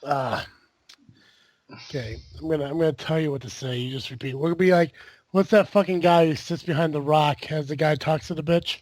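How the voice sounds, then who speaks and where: A man's voice: on the high side, brisk, darkish tone, no room sound. A man hosting a podcast in casual chat, loose, profane and jokey. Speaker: podcast host.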